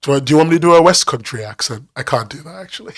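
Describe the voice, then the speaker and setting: A man's voice: fairly high pitch, lively intonation, rapid-fire. Teasing man with a neutral American accent. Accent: neutral northeastern American. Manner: rambling, teasing, jokey. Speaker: streamer drawing on stream. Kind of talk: casual chat while drawing.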